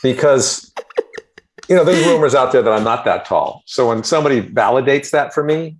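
A man guesting on a podcast as a comedian, making deadpan jokes in casual chat. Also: mid-range voice, moderate pace.

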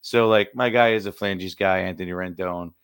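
Excitable gravelly-voiced male co-host. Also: deep voice, normal speed, no room sound, studio quality. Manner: excitable, jokey, rambling. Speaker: podcast co-host. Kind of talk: casual sports podcast chat.

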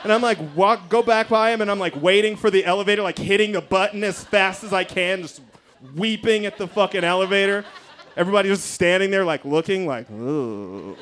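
A man from Denver, Colorado, telling a comic story on stage at a live show, animated and profane, acting out his own panic. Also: high voice, brisk. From Denver, Colorado, USA. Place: theater stage before a live audience.

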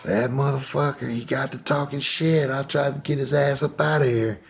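A man's voice: mid-range voice, fairly even intonation, normal speed, vocal fry, voice pushed up, lightly acted. A man voicing his tough, foul-mouthed older aunt, brash and defiant while near death.

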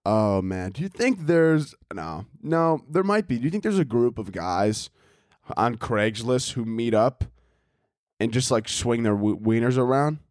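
A man's voice: mid-range voice, animated, measured pace, a little mellow, dry recording, clean studio sound. A man hosting a solo comedy podcast, rambling crudely and joking with frequent restarts. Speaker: podcast host.

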